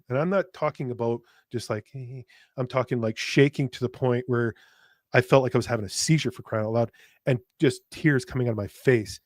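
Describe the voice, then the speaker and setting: Male podcast host, mid pitch, dry close sound; emotional, halting delivery with restarts and blunt swearing. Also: no echo. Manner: halting and emotional, with frequent restarts and repeated words; earnest, speaking straight to listeners. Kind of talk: candid personal podcast monologue.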